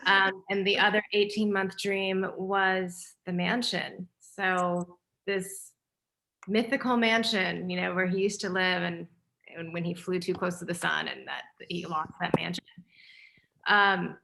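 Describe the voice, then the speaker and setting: A woman film director on a panel, telling a story with lively acted-out dialogue. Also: lowish voice, a little slow, vocal fry.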